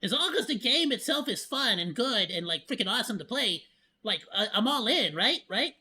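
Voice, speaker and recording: A VTuber streamer giving casual, rambling reaction commentary, excitable and sarcastic. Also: medium pitch, fairly quick, slightly rough.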